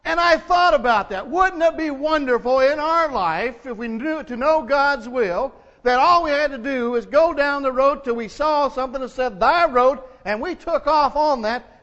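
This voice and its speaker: A man's voice: extremely high pitch, moderate pace, few pauses, fairly bright tone, big-room sound, dull audio. A male pastor preaching a sermon, telling jokes and stories in a folksy, humorous way.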